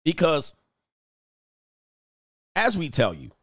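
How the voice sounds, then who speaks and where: A man's voice: fairly high pitch, huge pitch swings, slow, fairly bright tone, no echo, clean studio sound. A middle-aged man hosting a relationship coaching show, giving blunt, profane commentary on a news story and lecturing his listeners.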